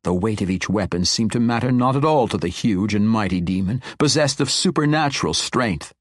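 A man narrating a fantasy audiobook in a steady, measured storytelling manner. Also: fairly low pitch, no room sound, clean studio sound.

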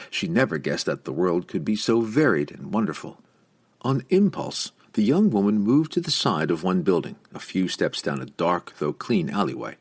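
A man narrating a fantasy novel as an audiobook, with expressive storytelling. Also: sits low, slightly rough. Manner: expressive storytelling with lively inflection.

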